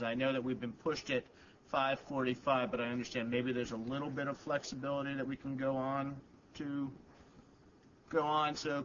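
A man moderating a panel discussion, speaking in a relaxed, informal way as he opens the floor to questions. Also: medium pitch. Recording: dull lo-fi conference recording, faint noise.

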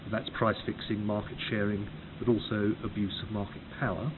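A man's voice: on the low side, flat delivery, brisk. A man from the United Kingdom, an official of a competition agency, giving an orderly prepared talk point by point. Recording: tinny phone-like recording with clear hiss.

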